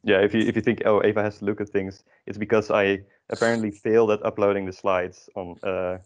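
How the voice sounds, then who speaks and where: A man's voice: on the low side, level tone, a little fast, dull audio. A man teaching an online grammar lesson, explaining patiently with many ums and restarts. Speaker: Dutch language teacher.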